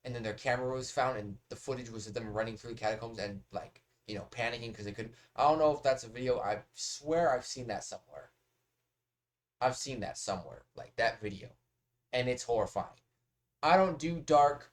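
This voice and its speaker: A man's voice: medium pitch, normal speed. Rambling man hosting a reaction video. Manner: rambling, talkative, swears casually. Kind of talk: casual reaction commentary.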